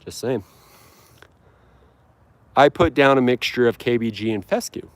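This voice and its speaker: A man's voice: mid-range voice, measured pace, dry recording. Rambling man chatting on a live stream. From Utah. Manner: rambling, upbeat, frequent ums and restarts. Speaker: lawn care livestreamer. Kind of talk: casual live stream chat. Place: outdoors on his lawn. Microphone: handheld phone camera.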